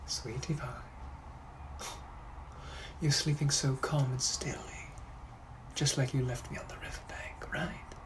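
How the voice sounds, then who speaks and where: Guy doing a british gentleman from the 1800s, whispered role-play, gravelly low purr, creepy and smooth. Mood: creepy tender. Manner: purring, teasing, menacing. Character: suave menacing 1800s British gentleman, male.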